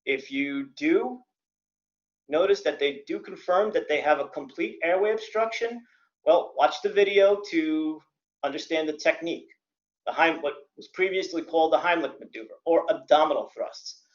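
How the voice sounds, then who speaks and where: Male CPR instructor, plain-spoken lecture with dry humor, a bit high-pitched, muffled lo-fi audio. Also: normal speed. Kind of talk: classroom lecture. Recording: dull lo-fi recording.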